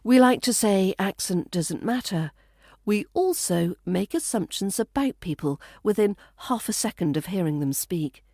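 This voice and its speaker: A woman with a British RP accent, hosting a scripted podcast lesson on accent training in a calm, measured, wry way. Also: mid-range voice, no room sound, clean studio sound. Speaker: accent coach and podcast host.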